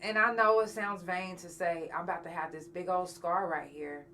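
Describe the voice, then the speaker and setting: Brief: young woman, bright forward tone, frank and chatty live-stream host. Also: lowish voice, steady tone, moderate pace, slight background noise. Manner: candid and chatty, swears freely, talks straight to her audience. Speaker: podcast host and singer. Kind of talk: casual live chat with viewers.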